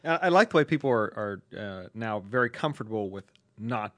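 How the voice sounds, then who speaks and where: A man's voice: fairly low pitch, lively intonation, a little fast, a bit bright, dry recording. A man co-hosting a podcast in casual chat, joking and teasing. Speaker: podcast co-host.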